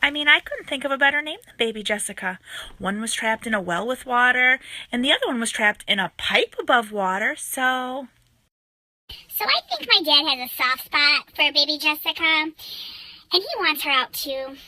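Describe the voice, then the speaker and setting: A young woman telling a funny story about her own life in an excitable, dramatic way. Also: sits high, moderate pace, no room sound. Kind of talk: storytime narration.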